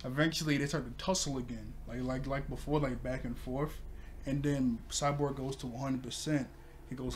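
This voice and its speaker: A young man casually recapping a cartoon episode, excitable and repetitive, often laughing between lines. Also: medium pitch, normal speed. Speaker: TV episode reviewer. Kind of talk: casual video review, retelling scenes.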